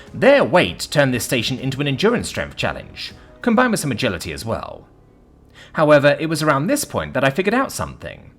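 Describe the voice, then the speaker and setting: Husky, animated male story narrator. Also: fairly low pitch. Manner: lively, dramatic reading. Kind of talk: first-person story narration.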